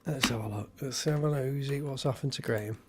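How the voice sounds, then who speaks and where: A man hosting a casual live stream, chatty and excitable, thanking viewers by name. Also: mid-range voice, fairly quick, noisy background.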